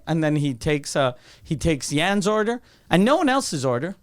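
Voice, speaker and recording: A man's voice: a little high, animated. A young man co-hosting a podcast. He tells a story casually, swears and stops to restart sentences. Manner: profane, halting, with restarts and dry asides. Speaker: podcast co-host.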